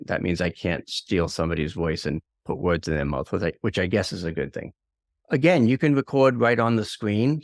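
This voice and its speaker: A man with a low, deep voice talks through a software walkthrough in an easygoing, conversational way. He adds self-deprecating asides as he goes. The recording is dry and close, with almost no room sound. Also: dry recording. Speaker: video tutorial host. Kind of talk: casual screen-share software walkthrough.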